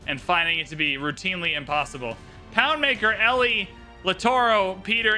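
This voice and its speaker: A man's voice: sits high, pushed and bright. A man giving casual, joking commentary on a game during a livestream, chatting with playful asides. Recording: game music behind.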